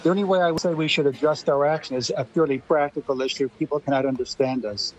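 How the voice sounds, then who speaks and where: A man speaking as a linguist guest in a radio discussion, quick and emphatic as he argues his point. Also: a little high, low-quality recording.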